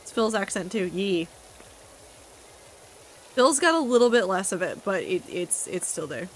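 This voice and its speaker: A woman streamer in easy casual chat with her viewers, wry and talkative, answering chat questions as they come. Her pitch sits in an ordinary middle range, and a faint hiss of noise lies under her desk mic. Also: very animated, a little slow, low-quality recording. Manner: chatty, wry, reacting to chat with asides and profanity.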